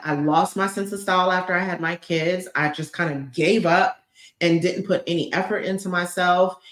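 A woman hosting a motivational live stream, talking in an emphatic, lively and outspoken way. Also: fairly low pitch. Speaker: livestream host. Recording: roomy echo.

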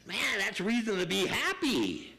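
An older man preaching as pastor, animated and acting out people in quick asides. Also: sits high, gravelly, husky, low-quality recording. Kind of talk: sermon.

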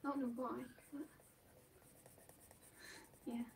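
A woman's voice: high-pitched, level tone, takes it slowly, gravelly, a crowd in the background. A teenage girl at home chatting off to the side, eager and talkative. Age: teen. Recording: distant voice with faint background noise.

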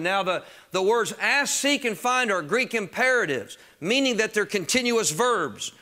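A high, bright-voiced man preaching from the pulpit. He talks in a plain, conversational way to the congregation, then drives his points home with loud, emphatic bursts. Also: animated, unhurried, hardly any pauses. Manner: emphatic preaching, rising to shouts on key phrases. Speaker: pastor. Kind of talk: sermon.

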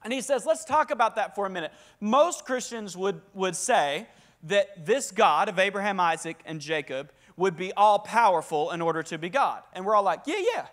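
A young man with a Southern US accent preaching a sermon, talkative and energetic and calling for responses from the congregation. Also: high-pitched, normal speed. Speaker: pastor.

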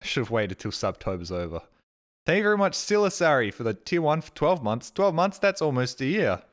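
A man's voice: fairly high pitch, very animated, a little fast. An Australian man hosting a live stream, talking loosely and casually to his viewers. He rambles, cracks jokes and swears freely while reading chat messages and thanking subscribers.

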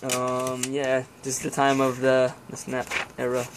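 A young man rambles through a casual review of an old CD, swearing freely and letting out sighs and groans. His voice stays flat and even, with little rise or fall. A faint noise sits behind him. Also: mid-range voice, unhurried. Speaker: vlogger reviewing his CD collection.

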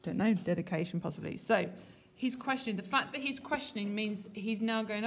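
A woman teaching a literature lesson to a classroom, lively and colloquial, putting questions to her students. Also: medium pitch, brisk, hardly any pauses, slight background noise. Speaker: English teacher.

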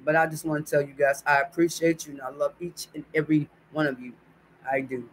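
A man's voice: fairly high pitch, level tone, a little fast, a little hiss or hum. Chatty man streaming live. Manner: affectionate, chatty, reads viewer comments aloud. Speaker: YouTube livestream host. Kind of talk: casual livestream chat.

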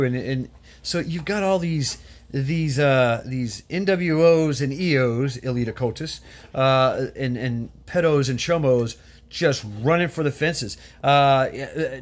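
A man from the United States ranting off the cuff as a vlogger, blunt and profane, with many stammered restarts. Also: on the high side. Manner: rambling, full of restarts and stammered repeats. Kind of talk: off-the-cuff political rant.

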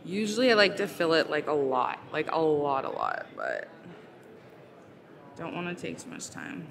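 Chatty woman with a bright voice. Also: deep voice, huge pitch swings, normal speed, vocal fry. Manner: chatty, lots of fillers, talking while crafting. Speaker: ASMR creator. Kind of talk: casual live-stream chat. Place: busy convention hall.

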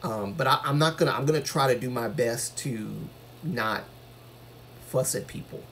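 A man's voice: mid-range voice, moderate pace, fairly bright tone, a little hiss or hum. A man talking casually to viewers on his live stream, earnest and rambling, with a voice that carries when he gets passionate.

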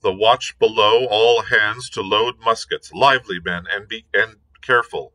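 A stern older sea captain, as a man puts him on, curt and commanding. His orders come slowly in a forceful, bright voice. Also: lowish voice, rough recording.

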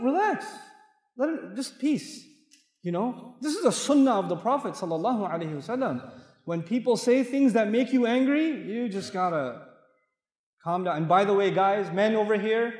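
A man's voice: very high-pitched, darkish tone. A middle-aged man giving a playful, story-driven lecture to a mosque audience. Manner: storytelling, playful, acts out dialogue. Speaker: Islamic lecturer. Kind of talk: animated lecture with anecdotes. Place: large mosque hall. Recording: echoey hall from far off.

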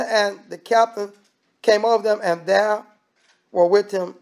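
Gravelly preaching man. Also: high voice, fairly even intonation, a little slow. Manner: emphatic, conversational preaching with repeated phrases and asides. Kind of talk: sermon.

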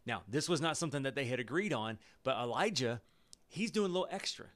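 Playful man teaching a Bible passage. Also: mid-range voice. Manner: lively and playful, laughing at the story and using slang asides; pauses the reading to explain in plain words. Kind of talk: Bible study teaching, reading and explaining scripture.

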